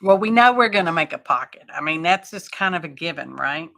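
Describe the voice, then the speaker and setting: A woman's voice: fairly low pitch, animated, brisk, vocal fry, pushed and bright. A woman hosting a craft livestream, chatting casually and thinking aloud with folksy asides.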